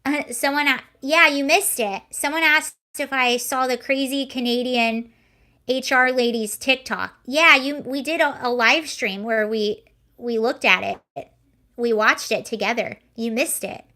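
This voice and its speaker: A woman's voice: high voice, unhurried, bright, forceful tone. A young woman hosting a casual livestream, talking in a chatty, rambling way and often correcting herself mid-sentence. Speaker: livestream host.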